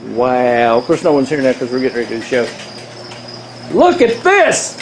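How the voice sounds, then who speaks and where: A man's voice: mid-range voice, fairly even intonation, very fast, darkish tone, slight background noise. A man hosting a fishing show, touring a bait shop and exclaiming over everything. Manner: enthusiastic, exclaiming. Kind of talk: excited walkthrough banter.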